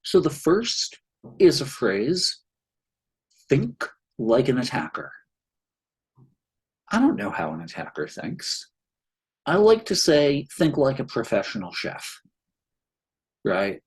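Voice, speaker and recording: A man's voice: medium pitch, wildly swooping pitch, slow pace, pauses often, breathy edge, low-quality recording. A man being interviewed on a podcast as a security expert, explaining his points thoughtfully with wry asides.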